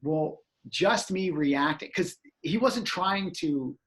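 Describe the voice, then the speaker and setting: A man telling a story in casual chat, animated and acting out reactions with exclamations. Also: on the high side, takes it slowly.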